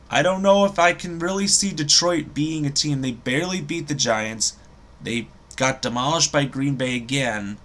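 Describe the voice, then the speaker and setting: A man's voice: mid-range voice, sharp tone. A young man giving casual football predictions as a show host, rambling and hesitant with frequent ums and self-corrections. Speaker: sports podcast host.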